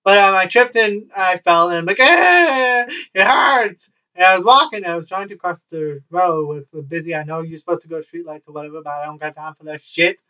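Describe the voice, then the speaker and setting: Young adult man, high bright voice, rambling swearing storyteller, dull lo-fi sound from a distance. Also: fairly even intonation, fast, hardly any pauses, clear, resonant tone. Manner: rambling, swears freely, wry asides. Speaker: vlogger. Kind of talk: casual storytelling. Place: at home, child nearby.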